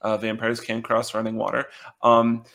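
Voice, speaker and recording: A man co-hosting a podcast, talking casually and haltingly with many ums. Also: fairly low pitch, monotone, creaky, a bit bright. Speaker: podcast co-host. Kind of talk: casual chat.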